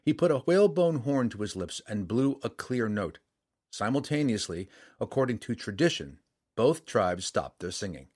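A man reading a saga aloud in steady, measured scripted narration. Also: on the low side, husky.

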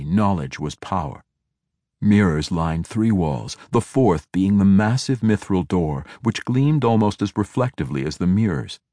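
A man narrating a fantasy audiobook in a measured, even storytelling delivery. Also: low voice, no room sound, studio quality.

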